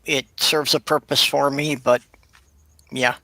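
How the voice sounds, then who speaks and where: A man's voice: medium pitch, little pitch movement, slow pace, crowd noise, poor audio. A man in a casual group chat, matter-of-fact and wry.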